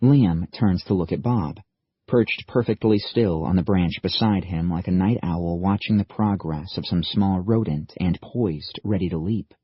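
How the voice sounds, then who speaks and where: A man narrating an audiobook in a steady, measured storytelling manner. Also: low voice, husky, no room sound, dull audio. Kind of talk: scripted narration.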